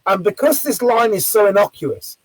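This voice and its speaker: A man who works as a street performer, telling a story in casual chat, animated and swearing freely. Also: high-pitched, moderate pace, poor audio. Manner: animated, acts out quoted voices loudly.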